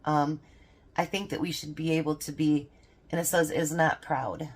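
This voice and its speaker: Low-voiced chatty grandmother. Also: little pitch movement, normal speed, darkish tone. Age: older. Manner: rambling, chatty, laughs often. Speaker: homestead vlogger. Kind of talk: casual devotional chat.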